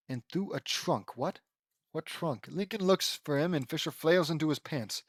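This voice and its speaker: A man's voice: on the high side, no room sound. A man reading a fan story aloud, breaking off with sarcastic, exasperated comments and swearing. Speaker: fan fiction reader.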